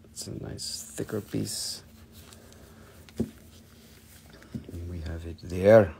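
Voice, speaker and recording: Male host, 40s, gravelly and low-ish, loose jokey live-stream seller. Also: dark tone. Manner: chatty, jokey, plays with a put-on accent. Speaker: host of a live crystal sales show. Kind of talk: casual live-stream selling.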